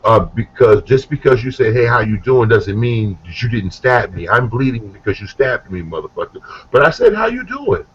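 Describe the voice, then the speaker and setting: A man's voice: on the low side, moderate pace, few pauses, a little hiss or hum. A man in casual chat, telling loose, profane stories and acting out what people said. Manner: loose, profane, storytelling with acted-out quotes. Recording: dull lo-fi recording.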